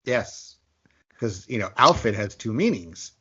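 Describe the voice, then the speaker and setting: Halting man podcast co-host. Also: lowish voice, sing-song, a bit bright, slightly rough, lo-fi sound. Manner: halting, restarts often and jokes about wordplay. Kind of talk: casual chat.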